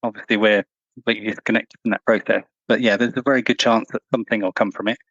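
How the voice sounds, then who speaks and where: A man answering interview questions in a measured, thoughtful way, with frequent restarts. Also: on the low side, steady tone, fairly bright tone, no room sound, lo-fi sound. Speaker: guest, former truck company employee.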